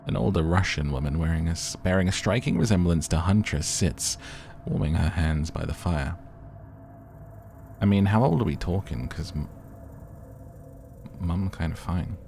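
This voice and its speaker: Deep, gravelly man narrating a game. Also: moderate pace, pauses often, a little mellow, a little hiss or hum. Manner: playful, wry asides. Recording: music playing behind.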